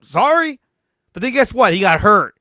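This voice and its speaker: A man co-hosting a sports podcast who argues bluntly, swears and gets loud when he makes a point. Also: sits high, lively intonation, normal speed, no room sound, clean studio sound. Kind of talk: casual sports talk.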